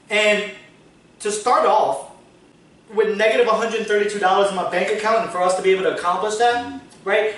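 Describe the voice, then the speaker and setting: High-voiced man telling rambling stories. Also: a bit bright. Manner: rambling, filler-heavy, swears casually. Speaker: podcast host, business owner. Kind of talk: casual storytelling chat. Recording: echoey room, distant mic, faint noise.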